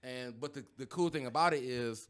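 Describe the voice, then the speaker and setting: A man's voice: mid-range voice, fairly quick, a bit bright. A man co-hosting a podcast, chatting casually in a loose, rambling way with lots of fillers and restarts. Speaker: podcast co-host. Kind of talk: casual chat.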